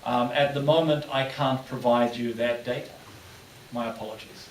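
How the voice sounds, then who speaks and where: A man's voice: medium pitch, steady tone, moderate pace, slight background noise. A male lecturer giving a classroom lecture with a patient, plain instructive delivery. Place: lecture room. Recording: echoey room from far off.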